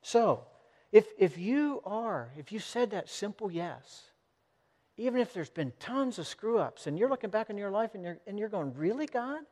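A man's voice: high-pitched, expressive, moderate pace, warm tone, long reverb tail. A man preaching a sermon as pastor, in an earnest, conversational way.

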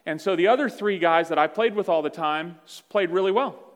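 A man with a slightly high voice preaches in a conversational, self-deprecating storytelling manner. His words ring out with a long reverb through a large church hall. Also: fairly quick. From Virginia, USA. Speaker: pastor. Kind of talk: sermon. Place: church sanctuary.

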